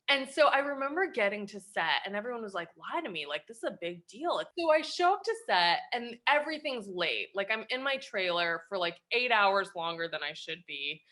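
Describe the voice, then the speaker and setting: A young woman, an actress and comedian, telling casual anecdotes as a guest, animated and laughing often as she acts out the people in her story. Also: mid-range voice.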